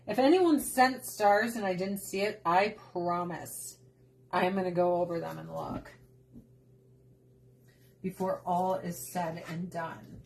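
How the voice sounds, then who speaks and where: Young woman chatting slowly thru a cooking vlog, jokey, laughs a lot, does little voices. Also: fairly low pitch, a little hiss or hum. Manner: chatty, laughs often, slips into playful voices. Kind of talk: casual chat while cooking.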